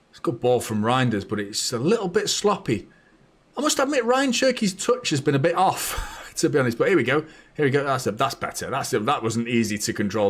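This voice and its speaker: A man hosting a live match watchalong, chatty and blunt, bursting into excited shouts when his team scores. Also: lowish voice. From north of England. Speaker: fan channel host.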